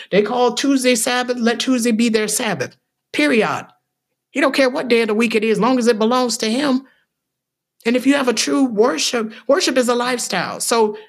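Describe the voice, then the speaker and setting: A woman teaching the Bible on a podcast in a casual, emphatic way, firing rhetorical questions and tagging points with "okay?". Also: high voice. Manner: ends points with a checking "okay?". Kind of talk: casual preaching.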